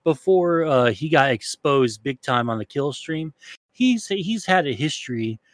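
A man's voice: on the high side, expressive, unhurried, no echo. A man co-hosting a podcast in casual chat, rambling and swearing with many fillers and restarts. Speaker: podcast co-host.

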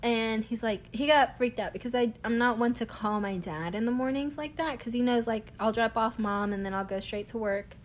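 A young woman spins a rambling everyday story for her viewers. She is chatty and animated, laughing often, and her voice sits a little on the high side. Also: normal speed, few pauses, a little hiss or hum. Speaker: vlogger. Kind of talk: casual storytelling to camera.

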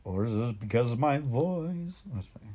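Mumbling man with a lively voice. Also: medium pitch, normal speed. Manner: mumbling, laughs while telling stories. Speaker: talk show co-host. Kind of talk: casual joking chat.

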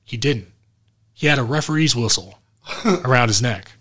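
Bright-voiced man telling a rowdy story. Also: mid-range voice, moderate pace. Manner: animated, profane, acts out quoted voices. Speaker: podcast co-host. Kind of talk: casual comedic storytelling.

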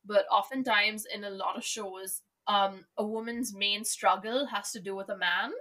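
A young woman co-hosting a casual chat, talking fast with lots of "like" and frequent laughs. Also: medium pitch, steady tone, bright, forceful tone. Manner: chatty, laughs often, many likes and fillers. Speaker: podcast co-host.

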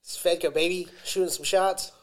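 A man's voice: high voice, fairly even intonation, normal speed. A young man co-hosting a podcast, joining in with laid-back, profane banter. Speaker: podcast co-host. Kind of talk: casual chat.

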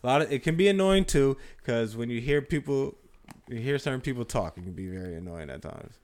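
Animated joking man in casual chat. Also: mid-range voice, brisk. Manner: animated, swearing, laughing often. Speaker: podcast co-host.

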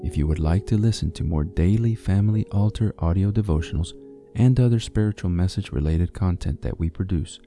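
Deep, calm devotional host. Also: male voice. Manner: calm, measured, slow on references. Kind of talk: scripted scripture reading. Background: soft instrumental music.

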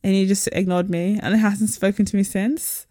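Blunt, animated woman. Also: mid-range voice, normal speed, no echo, studio quality. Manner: animated, blunt storytelling with frank swearing. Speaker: podcast co-host. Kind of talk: casual chat.

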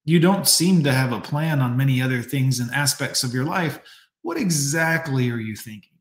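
A man's voice: medium pitch, normal speed, echoey room. A man streaming live, mocking clips with sarcastic commentary and talking to his chat.

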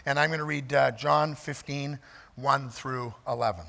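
Male pastor, bright gravelly voice, earnest preaching, long church reverb. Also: medium pitch, fairly even intonation, normal speed. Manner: earnest preaching with repetition and fillers. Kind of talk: sermon. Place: church sanctuary. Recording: reverberant hall.

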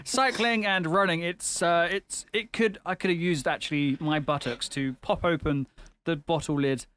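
A man's voice: fairly high pitch, fairly even intonation, normal speed, fairly bright tone, clean tone. A man hosting a podcast in casual chat, teasing and laughing often. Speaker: podcast host.

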